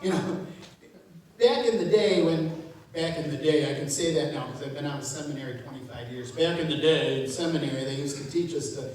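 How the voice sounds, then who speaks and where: A woman pastor in her fifties preaching a sermon in a relaxed, humorous way, laughing along with her own jokes. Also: sits low, brisk. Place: church sanctuary. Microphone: distant room mic. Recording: very echoey church from far off.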